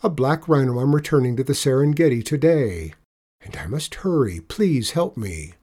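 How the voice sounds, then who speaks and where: A man's voice: mid-range voice, lively intonation, normal speed, dark tone, breathy edge. A man reading a storybook aloud and voicing an earnest, polite young boy who sounds timid and pleading.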